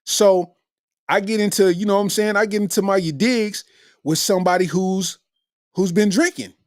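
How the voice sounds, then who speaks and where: A middle-aged man hosts a comedy podcast, telling stories in a loose, slangy style and laughing between lines. His voice sits high at a normal speed, recorded in a clean studio with no room sound.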